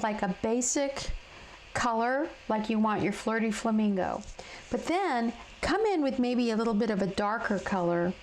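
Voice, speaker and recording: A woman with a gravelly, fry-touched voice hosts a casual live crafting session from home. She chats along with many fillers and restarts and answers viewers while she colors. A faint hiss of noise sits under her voice. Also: medium pitch, darkish tone, poor audio. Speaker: crafting livestream host.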